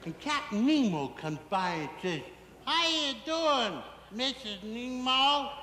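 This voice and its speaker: A man's voice: very high-pitched, very animated, takes it slowly, roomy sound, big-room sound, heavy background noise, exaggerated voice. A man voicing a dim, cheerful man-child barfly who rambles through a goofy tall tale in a 1960s TV variety sketch. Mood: goofy rambling. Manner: rambling, goofy punchline storytelling with wheezy giggles.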